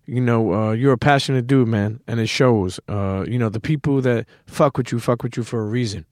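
A man hosts a podcast, talking to his guest in casual, supportive street slang. His pitch is ordinary for a man. The sound is dry and close. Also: fairly quick, darkish tone, dry recording. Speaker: podcast host. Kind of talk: casual interview.

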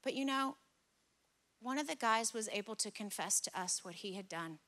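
A middle-aged woman pastor preaching a sermon, telling a personal story with lively, acted-out dialogue. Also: on the high side, moderate pace. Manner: animated, acts out dialogue in stories. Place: church service.

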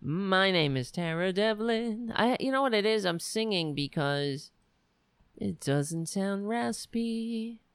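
A woman with a raspy voice hosting a political commentary show, emphatic and repetitive, often restarting her sentences. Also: mid-range voice, animated, slow, dry recording. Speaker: show host. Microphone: home computer setup.

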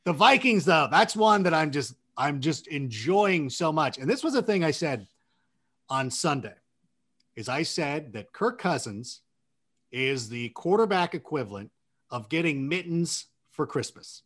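A man telling stories in casual sports talk, animated and quick to act out quoted voices. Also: fairly high pitch. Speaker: sports show guest.

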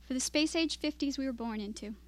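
A woman writer reading her own fiction aloud at a literary evening, in steady, measured storytelling. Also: sits high, no echo.

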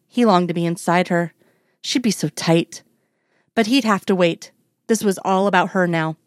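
A woman reading a romance story aloud in a steady, even storytelling voice. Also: on the low side, no echo, studio quality. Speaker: narrator.

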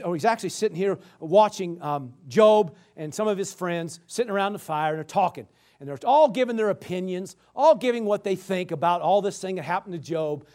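High-pitched guy preaching, emphatic, lots of amens and questions to the crowd. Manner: emphatic, rhetorical questions, calls of amen. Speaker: pastor. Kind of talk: sermon.

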